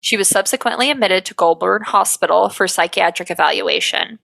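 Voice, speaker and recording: Bright-voiced woman reading case notes. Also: mid-range voice, fairly quick, vocal fry, dry recording. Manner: reads from notes with fillers and laughs. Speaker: podcast co-host. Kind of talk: reading case notes aloud, casual chat.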